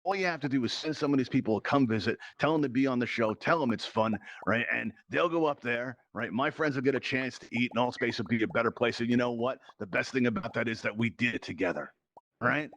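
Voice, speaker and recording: A man's voice: medium pitch, fast, fairly bright tone, dry recording. Chatty, rambling man hosting a game show. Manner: chatty, rambling, jokey, lots of fillers and asides. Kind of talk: playful game show patter in virtual reality.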